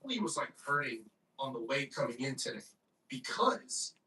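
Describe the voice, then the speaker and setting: A man co-hosting a casual podcast who swears freely and slips into loud rants. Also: medium pitch, very animated, recorded from a distance. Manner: loud, swearing, quick to rant. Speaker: podcast co-host. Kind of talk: casual profane chat.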